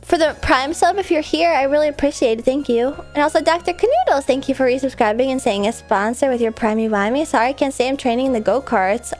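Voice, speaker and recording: A woman's voice: high-pitched, animated, quick pace, hardly any pauses, soft background music. A woman streamer, stuffed up from a cold, chatting casually and giggling while she reads out viewer messages. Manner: chatty and giggly, with lots of likes and restarts.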